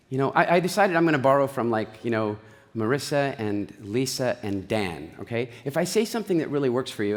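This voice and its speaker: A man giving an animated, jokey talk on stage, telling stories with voiced asides. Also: mid-range voice. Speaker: speaker. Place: large event hall. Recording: reverberant hall.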